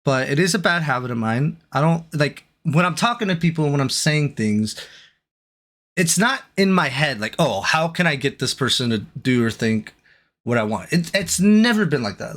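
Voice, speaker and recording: A male streamer giving a hesitant, halting apology, full of restarts and fillers. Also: fairly high pitch, expressive, a bit bright.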